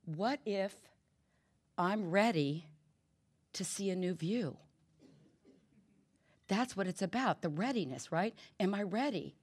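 A woman's voice: medium pitch, lively intonation, slow pace, pauses often, slightly rough. A middle-aged woman giving a candid personal testimony at a recovery meeting, telling stories and acting out the quoted dialogue.

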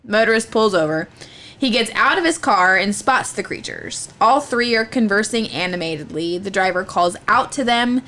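A woman's voice: mid-range voice, expressive, moderate pace, bright, forceful tone. A woman co-hosting a podcast, retelling a legend in a jokey, casual way and swearing freely. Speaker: podcast co-host.

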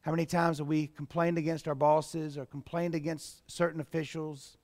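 High-voiced preacher in a big hall. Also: male voice, moderate pace. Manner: animated preaching, rising to shouts, reading scripture aloud. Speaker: pastor. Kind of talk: sermon.

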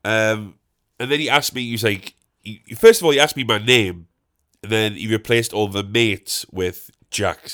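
A man's voice: lowish voice, moderate pace, a bit bright. A young man telling a comic anecdote in loose, rambling fashion. He swears freely and pokes fun at himself as he goes. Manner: rambling, swears a lot, self-mocking.

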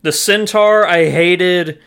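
A man co-hosting a podcast, sharing blunt, animated opinions on movies and anime. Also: high-pitched, slow, smooth. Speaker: podcast co-host. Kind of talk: casual movie review chat.

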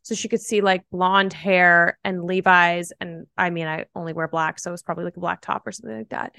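A young adult woman, a podcast guest, telling a personal story in a chatty, animated way with lots of "like" fillers. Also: lowish voice, brisk, vocal fry, no room sound. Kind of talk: casual storytelling.

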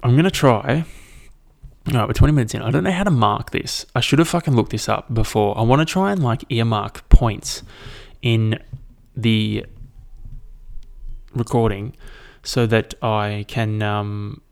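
Young male podcast host, low and gravelly, sweary and rambling. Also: a little slow. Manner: rambling, sweary, self-deprecating. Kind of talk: casual solo podcast chat.

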